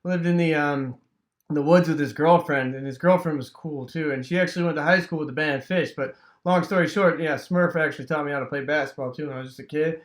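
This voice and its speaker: A man with a fairly high voice from Wisconsin, telling a childhood story in a loose, rambling way. He leans on fillers and throws in sound effects like "boom" as he goes. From Wisconsin, USA. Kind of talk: casual personal storytelling.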